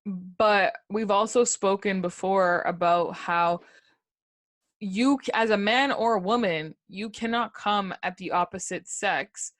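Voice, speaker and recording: A woman's voice: mid-range voice, slow, no room sound. Chatty woman, dry close sound. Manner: chatty, lots of "like", quotes others in voices. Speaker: podcast co-host. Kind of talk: casual pop culture chat.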